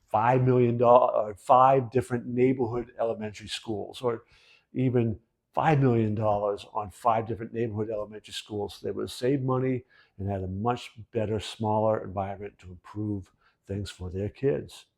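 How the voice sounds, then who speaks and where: A man's voice: fairly low pitch, a little mellow. A middle-aged man explaining school reform in a conversational way, often checking in with "right?" and restarting phrases. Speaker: education commentator. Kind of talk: casual explanatory talk to camera.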